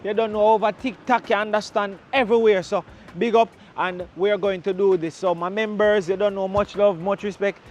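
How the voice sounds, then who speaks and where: A man with a Jamaican accent, narrating a walking tour outdoors on a town street, chatty and full of patois shout-outs. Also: sits high, steady tone, a little fast, hardly any pauses.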